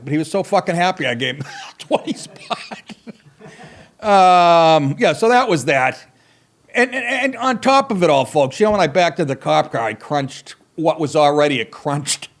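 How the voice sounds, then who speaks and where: A middle-aged man hosting a podcast, telling a rambling comic story full of swearing and self-mockery, with wry asides and bursts of laughter. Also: a little high. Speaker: podcast host. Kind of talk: profane comedic monologue.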